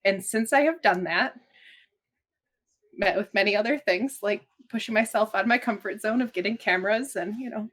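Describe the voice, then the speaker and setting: A woman's voice: medium pitch, normal speed, fairly bright tone. Reflective woman streamer. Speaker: streamer on a podcast panel. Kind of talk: casual podcast chat.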